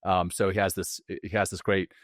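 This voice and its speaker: A very deep-voiced man co-hosting a podcast. He talks loosely, laughs easily and leans on fillers, and the close mic gives a dry sound. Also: flat delivery, fairly quick, no room sound. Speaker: co-host. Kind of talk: casual podcast conversation.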